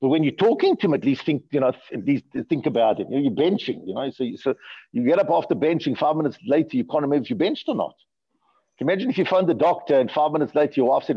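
A man teaching a Torah class in an animated way, asking rhetorical questions and often repeating his words. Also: mid-range voice, racing, slightly rough. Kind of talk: Torah lecture. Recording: dull lo-fi recording.

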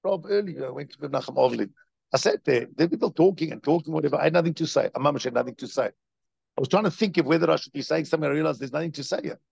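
Guy giving a torah talk, gravelly and kinda raspy, tons of rhetorical questions, dry muffled mic. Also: on the high side, very fast, no room sound. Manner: animated, repetitive storytelling with rhetorical questions. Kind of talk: Torah lecture.

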